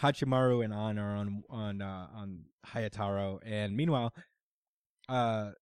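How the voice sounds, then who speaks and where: A man's voice: lowish voice, steady tone, a little slow, darkish tone, clear, resonant tone, dry recording. Laid-back man retelling a manga, dry sound. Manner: laid-back, many fillers, jokes, retells scenes in quotes. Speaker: podcast co-host. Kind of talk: casual chat recapping a manga.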